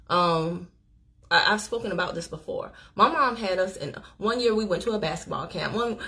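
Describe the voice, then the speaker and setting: A woman hosting a live stream, chatting straight to her viewers as she tells a story in an animated, casual way. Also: medium pitch, vocal fry. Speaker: livestream host. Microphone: phone or webcam on a live stream.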